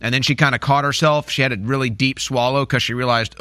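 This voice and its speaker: A man's voice: medium pitch, fairly even intonation, quick pace, a bit bright, no echo, clean studio sound. A man hosting a talk radio show, commenting in an indignant, mocking way and repeating his points.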